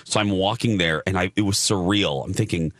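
A man's voice: deep voice, fairly quick, fairly bright tone, no echo, clean studio sound. A man co-hosting a radio talk show, chatting casually and laughing often.

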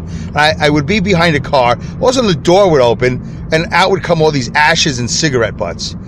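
Rambling man podcasting from his car. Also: mid-range voice. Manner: rambling, chatty, easily sidetracked. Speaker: podcast host. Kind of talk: unscripted solo podcast from a car. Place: inside a car. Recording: car interior with traffic noise. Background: traffic and street noise.

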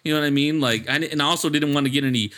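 A man's voice: on the high side, rapid-fire, sharp tone. A man hosting a podcast, chatting casually and telling stories with lots of laughter and swearing. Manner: laughing, profane storyteller. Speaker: podcast host. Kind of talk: casual chat.

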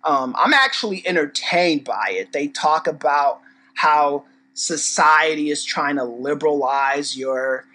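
A podcast host delivering a rambling commentary rant in a bright, sharp voice at an ordinary pitch. The talk is blunt and profane, with sarcastic asides and sudden emphatic bursts. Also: animated, measured pace, low-quality recording. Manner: rambling with restarts.

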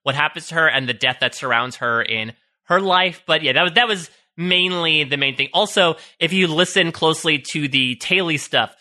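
A man co-hosting a casual podcast, talking through a show with enthusiasm and quick asides. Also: fairly high pitch, sharp tone. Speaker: podcast co-host. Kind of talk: casual chat.

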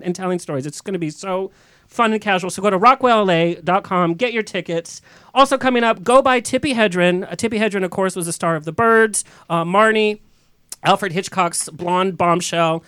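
A man hosting a podcast, telling stories in a casual, animated way and laughing often. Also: high voice, moderate pace, smooth, dry recording. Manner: chatty, laughing, animated storyteller. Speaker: podcast host. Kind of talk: casual chat.

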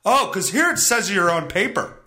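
A man putting on the voice of a prim, polite female customer service agent, pitched up and overly proper. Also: very animated, moderate pace, sharp tone, full character voice.

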